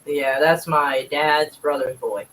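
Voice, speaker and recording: A man's voice: on the high side, steady tone, slow pace, a bit bright, rough recording. A man chatting casually and at length, rambling and swearing freely. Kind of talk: casual chat.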